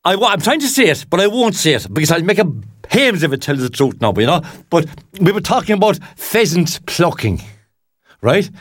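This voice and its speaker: Irish male community radio host, jovial and chatty, voice sits fairly high, studio. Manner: jovial, chatty, with lively jumps in pitch. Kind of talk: casual chat.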